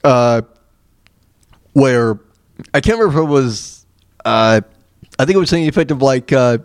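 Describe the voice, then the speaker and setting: A medium-pitched man talks at a moderate pace with lively intonation, captured in clean studio sound without room noise. As a radio host he spins casual, rambling stories filled with fillers and restarts, laughing at his own retold jokes.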